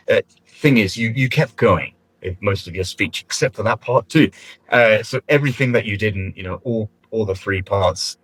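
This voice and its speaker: A man giving spoken feedback on a mock speaking test, encouraging and conversational, often pausing and restarting his sentences. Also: lowish voice, breathy edge, dry recording, poor audio.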